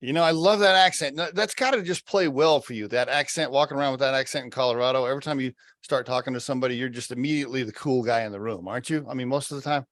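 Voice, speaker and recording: A man's voice: medium pitch, very fast, fairly bright tone, no echo. A man hosting a podcast in an upbeat, chatty way. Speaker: podcast host.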